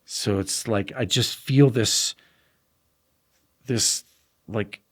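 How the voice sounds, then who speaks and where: A young man in a casual podcast conversation, telling a story animatedly and dropping to a hush at tense moments. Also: on the low side, drawn-out words. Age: young adult. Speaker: podcast guest.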